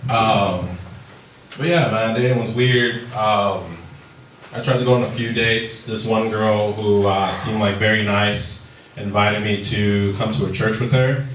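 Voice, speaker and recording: A man's voice: fairly low pitch, steady tone, a little slow, fairly bright tone, slight background noise. A man doing a stand-up comedy set, telling stories loosely and profanely and working the crowd. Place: comedy club stage. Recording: echoey club recording from a distance.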